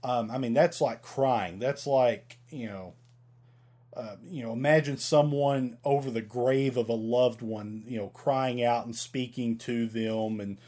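Man, bible teaching, conversational, stumbles over old words, lots of fillers, mid-pitched voice. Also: steady tone, a little slow, dark tone. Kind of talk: Bible study teaching, reading and commenting.

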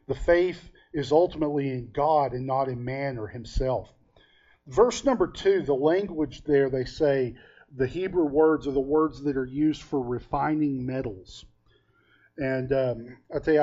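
A man delivers a relaxed, conversational sermon and drifts easily into homespun stories, pausing often to find his words. His voice sits at an ordinary middle pitch. The recording sounds dull and lo-fi. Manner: folksy storytelling with frequent hesitations. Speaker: preacher.

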